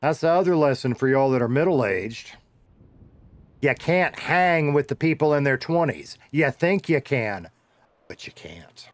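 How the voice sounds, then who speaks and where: A middle-aged man with a Southern drawl talks casually to his viewers, rambling and joking through old stories. His voice sits at an ordinary middle pitch. The sound is dry and close, with no room echo. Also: expressive, measured pace. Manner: joking, rambling storyteller who slides his drawl heavier or lighter. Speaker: streamer reading chat. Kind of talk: casual chat with a live audience.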